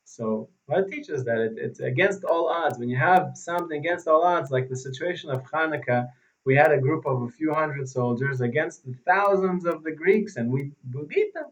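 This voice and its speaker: A man's voice: fairly high pitch, lively intonation, normal speed. A man teaching an informal religious lesson as a rabbi, telling stories and repeating phrases for emphasis. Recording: dull, muffled recording.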